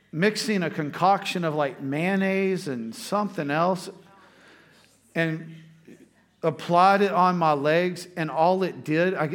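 A man preaching, telling a personal story in a conversational way before turning to scripture. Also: a little high. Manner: conversational storytelling, frequent restarts. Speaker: pastor.

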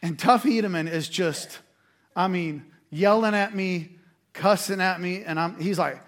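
A man, a pastor preaching a sermon and telling a self-deprecating story with animated energy. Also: high-pitched, unhurried.

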